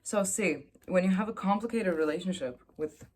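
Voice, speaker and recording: A woman's voice: on the low side, normal speed, a little mellow. A young woman vlogger in a casual confessional chat, telling candid stories with a self-mocking, chatty humor.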